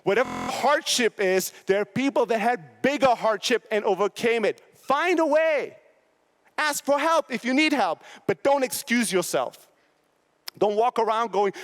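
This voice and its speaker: A man in his thirties giving a blunt, profane, high-energy motivational talk on a conference stage. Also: expressive, normal speed. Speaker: keynote speaker.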